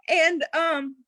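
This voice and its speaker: Very high-pitched and recorded dry, this young woman is a guest on an interview, casually recounting her story. She brings quotes to life by acting them out and laughs frequently throughout.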